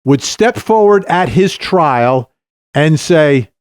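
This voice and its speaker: Animated man giving legal analysis. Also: fairly high pitch, measured pace, no room sound, clean studio sound. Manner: animated, emphatic, uses rhetorical "right?". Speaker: legal commentator, former prosecutor. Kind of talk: podcast guest analysis.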